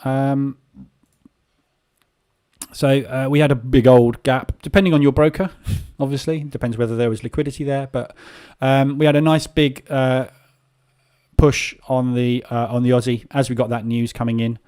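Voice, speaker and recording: A man's voice: medium pitch, steady tone, moderate pace, mellow, clean tone. Man, host of a live trading room; loose, rambling commentary with plenty of ums, mid-range voice. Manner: casual, rambling, many filler ums.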